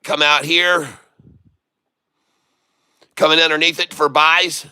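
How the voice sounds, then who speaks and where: A middle-aged American man hosting a live trading stream, his voice very bright and a touch high. He talks in an unhurried, folksy way, calling his viewers "folks" and cheering his trades on with excitable energy. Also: smooth. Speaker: day-trading livestream host.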